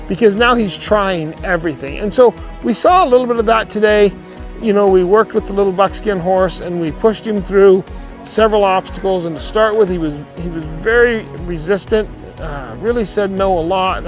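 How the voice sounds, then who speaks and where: High-voiced man teaching horsemanship. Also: normal speed, soft background music. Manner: plainspoken, repeats phrases, voices the horse's thoughts. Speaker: horsemanship clinician. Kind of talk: outdoor teaching monologue.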